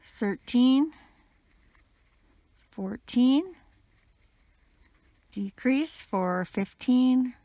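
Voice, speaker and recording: A woman teaching a crochet pattern, counting stitches out loud, her voice a little crackly today. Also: high-pitched, dry recording. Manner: slow, steady counting. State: slightly crackly voice. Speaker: crochet instructor.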